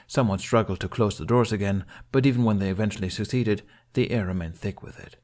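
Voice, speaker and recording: Low-voiced man narrating a story. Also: fairly quick. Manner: steady, storytelling. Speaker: fan fiction reader. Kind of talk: audiobook narration.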